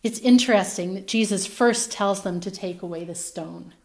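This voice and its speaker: A woman preaching a sermon in a reflective, storytelling manner, her phrases trailing off softly. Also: mid-range voice, normal speed, creaky.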